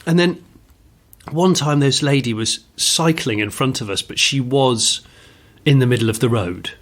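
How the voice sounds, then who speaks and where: A man in his forties, co-hosting a podcast and telling an animated anecdote with frequent laughter. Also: medium pitch, moderate pace. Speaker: podcast co-host. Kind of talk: casual chat, storytelling.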